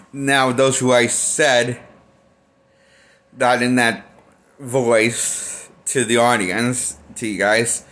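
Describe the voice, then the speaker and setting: A man's voice: medium pitch, a bit bright. A man giving a casual film review as a movie critic, blunt and profane, rambling and restarting his sentences often.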